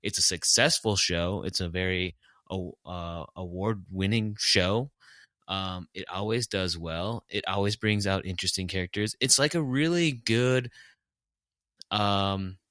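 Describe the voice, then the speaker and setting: A man's voice: on the low side, slow pace, fairly bright tone, no room sound, studio quality. A man co-hosting a podcast, chatting casually and enthusiastically in a rambling way. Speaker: podcast co-host.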